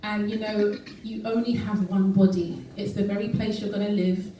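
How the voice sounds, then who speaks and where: Woman guest speaker, earnest and chatty with many ums, mellow tone, far off in a very echoey hall. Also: medium pitch, flat delivery, normal speed, slight background noise. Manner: earnest, with frequent ums and restarts. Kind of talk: casual health talk to an audience. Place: event hall.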